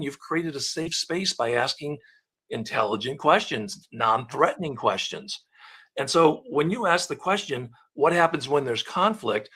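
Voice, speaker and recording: A man's voice: medium pitch, breathy edge. A man coaching on asking better questions in a live online talk, acting out little dialogues as examples. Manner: animated, acts out dialogue examples.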